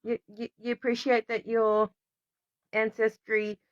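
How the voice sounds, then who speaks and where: A woman's voice: on the high side, flat delivery, measured pace, dry recording. A woman talks in an emotional, rambling monologue to camera and keeps breaking off to apologize. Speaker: vlogger. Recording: dull lo-fi recording.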